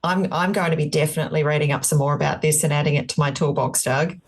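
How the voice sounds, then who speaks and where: Lady podcast host, kinda husky voice, lowish, chatty and enthusiastic. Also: steady tone, fast talker. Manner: enthusiastic, responsive, many short affirmations. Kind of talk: casual interview chat.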